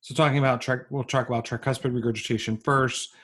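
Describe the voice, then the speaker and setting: A man giving a recorded medical lecture, pausing often with ums and uhs. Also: medium pitch, fairly even intonation, fairly bright tone. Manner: halting, frequent ums and uhs.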